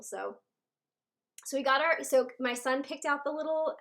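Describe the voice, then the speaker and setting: A woman in her thirties giving a casual personal update at home, halting and heartfelt, with pauses and restarts. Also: sits high, fairly bright tone. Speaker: vlogger.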